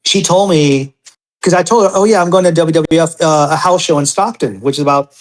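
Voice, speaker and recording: A man's voice: fairly high pitch, fairly quick, rough recording. A man in his forties, a podcast guest, telling casual stories with animation and acting out the voices of people he quotes.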